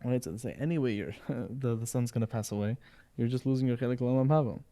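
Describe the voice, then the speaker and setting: With a dark-toned mid-range voice and a quick delivery, a Sephardi man converses casually on a podcast. He meanders, repeats words, and often seeks agreement with "right?" or "you know."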